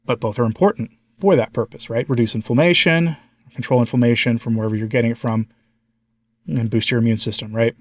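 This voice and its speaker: An American man with a congested and slightly hoarse voice, giving a candid personal update to his viewers and asking them for advice. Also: mid-range voice, fast talker, dry recording, clean studio sound. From United States. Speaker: vlogger, channel host.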